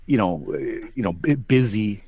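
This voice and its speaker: Male podcast co-host, lowish voice, theatrical mock gravity, stumbling restarts. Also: lively intonation, a little mellow, breathy edge, no room sound. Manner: mock-dramatic, halting with many fillers and restarts. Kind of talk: casual podcast chat.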